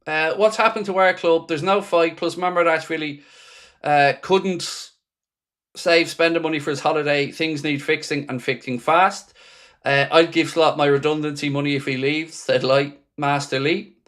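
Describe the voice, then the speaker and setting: A man's voice: a little high, fairly even intonation, moderate pace, a bit bright. A man hosting a live football watchalong, reading out viewer messages and answering them with dry, sarcastic fan commentary. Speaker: watchalong host.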